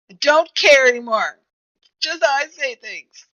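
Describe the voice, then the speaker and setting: A woman's voice: on the high side, sing-song, normal speed, pushed and bright. A young woman streamer chatting casually and rambling to herself while she plays a game. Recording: dull lo-fi recording.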